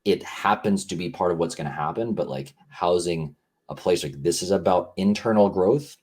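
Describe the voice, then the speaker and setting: A man's voice: low voice, normal speed, darkish tone, breathy edge. A man speaking as a podcast guest in an earnest, rambling way, often saying "like" as he thinks aloud. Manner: earnest, rambling, heavy use of "like". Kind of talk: reflective conversational talk.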